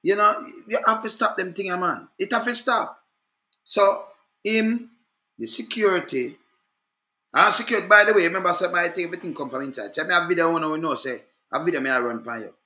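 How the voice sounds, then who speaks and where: A Jamaican man vlogs on the spot, talking insistently and repetitively as he keeps calling out to the viewer to check they follow him. His voice is high-pitched and sharp, a little fast, in an echoey room.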